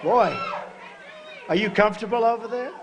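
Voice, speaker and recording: A man giving a campaign rally speech in a large hall, emphatic and repetitive, often shouting short phrases to the crowd. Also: extremely high pitch, fairly even intonation, moderate pace. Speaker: political candidate at a rally. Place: large hotel event hall, live rally. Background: crowd of supporters.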